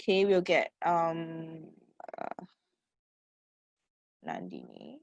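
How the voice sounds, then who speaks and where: A deep, creaky, darkish woman's voice with huge pitch swings speaks extremely slowly; there's no room sound and the highs are cut off. She has a Singaporean accent, teaches an online English class on a computer mic, encourages students, calls them sweetheart, and keeps saying "okay" and "right?".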